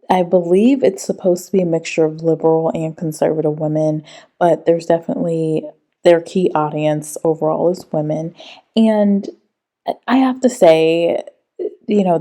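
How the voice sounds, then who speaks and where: A woman hosting a commentary video, talking through clips in a measured, reasoning way with some hesitations. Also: low-pitched, warm tone. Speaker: commentary host. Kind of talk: casual commentary.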